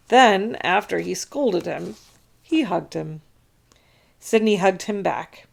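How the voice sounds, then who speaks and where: A woman reading a children's chapter book aloud, narrating with expressive storytelling. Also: medium pitch, slow pace, gravelly.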